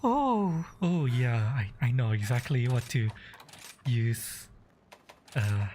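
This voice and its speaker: A man's voice: medium pitch, expressive, takes it slowly, a little mellow, a little hiss or hum. A man streaming a game, talking casually in rambling, swearing asides to his chat. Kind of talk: casual live-stream commentary.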